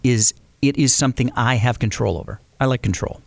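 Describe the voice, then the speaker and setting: A man co-hosting a casual conversation about creative work, who talks reflectively and often chimes in with quick agreement. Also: medium pitch, gravelly, dry recording. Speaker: podcast co-host.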